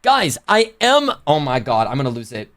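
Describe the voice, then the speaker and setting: A man's voice: mid-range voice, huge pitch swings, moderate pace, fairly bright tone. A man livestreaming, chatting casually to his viewers in a rambling, slangy way that keeps correcting itself. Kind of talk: casual chat to a stream chat.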